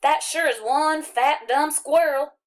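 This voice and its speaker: A woman's voice: high voice, pitched above the performer's own voice. A woman reading an audiobook, voicing a friendly, boastful country boy from Arkansas with a folksy drawl. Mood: excited. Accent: rural Arkansas. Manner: folksy drawl, jabbering fast and eager.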